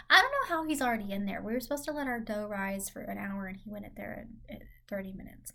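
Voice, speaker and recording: A woman's voice: medium pitch, expressive, quick pace, vocal fry, hardly any pauses, pushed and bright. A young woman giving a casual vlog update, rambling and correcting herself as she goes, laughing at her own slips. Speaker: vlogger and teacher. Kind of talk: casual chat.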